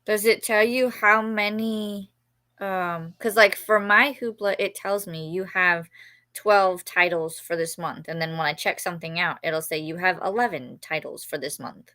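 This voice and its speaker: A woman co-hosting a livestream, speaking casually with short replies and relaxed explanations. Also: lowish voice, measured pace, no room sound. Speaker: livestream co-host. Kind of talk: casual chat.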